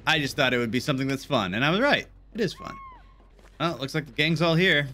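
A young man giving casual, jokey gameplay commentary, excitable and swearing often. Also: fairly high pitch, quick pace, a little hiss or hum. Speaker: gaming YouTuber.

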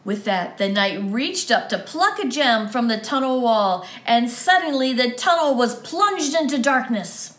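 A woman reading a storybook to children at an unhurried pace, her voice pitched a little high. She reads expressively and breaks off to talk to the kids. The room echoes. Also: big pitch swings, a bit bright. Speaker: children's ministry teacher.

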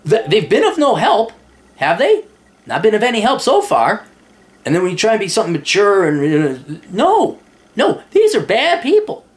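Blunt, lively man ranting. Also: sits high, normal speed. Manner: blunt, profane, animated; reads listener's letter aloud. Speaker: advice podcast host. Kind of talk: casual advice monologue.

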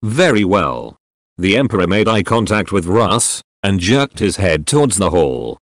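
A man narrating a story in a steady reading voice. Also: low voice, moderate pace, no echo, studio quality.

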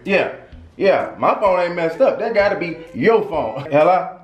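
Man, lively phone-call comedy skit, fairly high voice, roomy sound, faint music. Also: measured pace. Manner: animated, joking, talking on the phone in slang.

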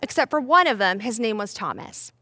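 Young woman, kids church teacher, high voice, playful and animated, dry close sound. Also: a little fast, no echo. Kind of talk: children's Bible lesson storytelling.

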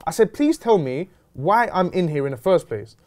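A young man telling a story in casual chat, slangy and animated. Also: high voice, normal speed. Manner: animated, slangy, retelling with quoted dialogue. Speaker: host.

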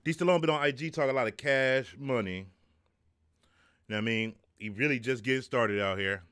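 A man's voice: mid-range voice, fairly quick, a bit bright, clean tone. A middle-aged man hosting a live stream, talking loosely and profanely, joking and reading chat messages aloud. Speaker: live show host. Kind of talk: casual live-stream talk.

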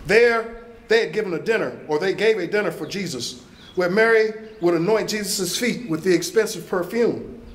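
A man's voice: high-pitched, echoey room. A male pastor giving a dramatic first-person biblical narration from a church, preaching emphatically and lifting his voice for quoted speech. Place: church sanctuary.

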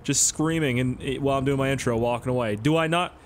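A man's voice: mid-range voice, fast talker, a little hiss or hum. A young Canadian man with a Canadian accent giving rambling, joking gameplay commentary and swearing often. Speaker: gaming YouTuber.

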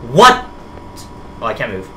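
A man's voice: medium pitch, animated, normal speed, noisy background. Jumpy young man playing a horror game. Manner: jumpy, swears and yelps at scares. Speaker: gameplay streamer. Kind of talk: horror game let's play, reading notes aloud.

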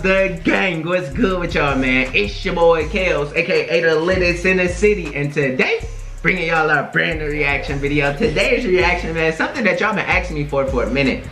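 A young man hosts a casual reaction video in a loose, slangy way, with a voice that is a little high and very bright. His voice rings around a roomy, echoey space. Faint music plays quietly behind him. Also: moderate pace. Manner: slangy and laid-back, sprinkling in "bro" and "bruh". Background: faint music from the video being reacted to.

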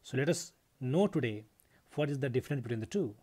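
A man's voice: mid-range voice, expressive, fast, dark tone, husky. A man teaching an English grammar lesson to his students, explaining step by step, repeating key points and checking in with a frequent "okay".

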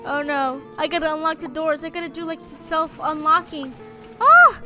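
Bright, high-voiced panicky woman gamer. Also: steady tone, a little fast, faint music behind. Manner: panicky, exclaiming, repeats phrases. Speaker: gamer and channel host. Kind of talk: roleplaying gameplay commentary.

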